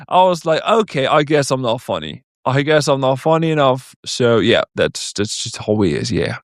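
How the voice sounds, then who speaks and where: A man's voice: mid-range voice, big pitch swings, moderate pace, hardly any pauses, no echo, clean studio sound. A man hosting a casual chat, joking crudely and calling his co-host "mate".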